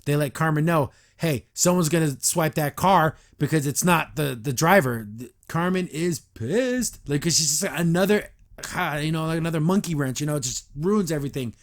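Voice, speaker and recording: A man hosting a podcast, reviewing a cartoon episode in a rambling, animated way, acting out the characters as he retells it. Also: on the high side, moderate pace. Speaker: podcast host.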